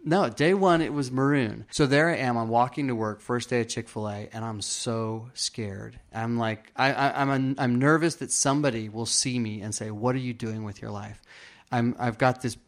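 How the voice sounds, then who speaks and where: An earnest man sits for an interview and tells a personal story at an ordinary pitch. He slips into the other people's lines as he quotes them, and he often stops and starts his sentences over. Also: fairly even intonation, moderate pace. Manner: earnest, acts out quoted dialogue; frequent restarts and fillers. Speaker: interview guest.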